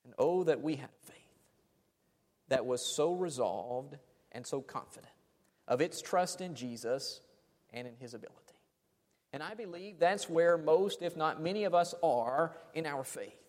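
A man's voice: on the high side, lively intonation, unhurried, darkish tone. Preaching man in a reverberant hall. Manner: dramatic, phrases fading off to near silence. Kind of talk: sermon.

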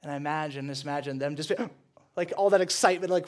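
A young man preaching a sermon. He is animated and joking, and he laughs often as he retells stories. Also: fairly high pitch, fast. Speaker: pastor.

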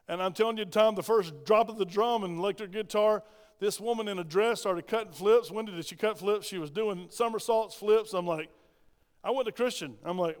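A middle-aged man preaching a sermon in a church, lively and conversational, swinging from soft asides to loud emphatic bursts. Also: high-pitched, brisk, clean tone. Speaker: pastor. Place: church sanctuary. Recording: long hall reverb.

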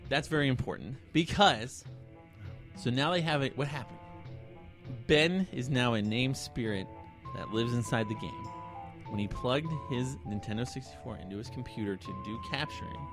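A man casually retelling a creepy internet story to friends, rambling and animated, slipping into quoted voices. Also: medium pitch, moderate pace, music in the background. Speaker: podcast co-host telling a creepypasta story.

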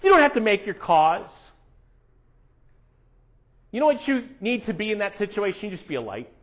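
Animated high-voiced male preacher. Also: normal speed, dull audio. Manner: animated preaching, swinging from hushed to loud. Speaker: pastor. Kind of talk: sermon. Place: church.

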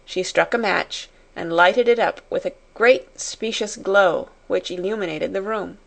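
Slow, measured woman narrator. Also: medium pitch, creaky, fairly bright tone. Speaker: audiobook narrator. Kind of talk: scripted narration.

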